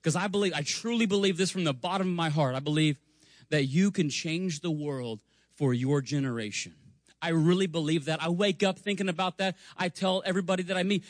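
A man in his forties preaching a sermon, telling a family story with lively delivery, acting out voices and stumbling over words now and then. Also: sits high, a little fast, no room sound, clean studio sound. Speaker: guest preacher. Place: church sanctuary.

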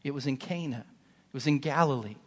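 A man's voice: medium pitch, fairly quick. A male pastor preaching a sermon in a church sanctuary, driving points home with emphatic, building repetition. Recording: long hall reverb in a sanctuary.

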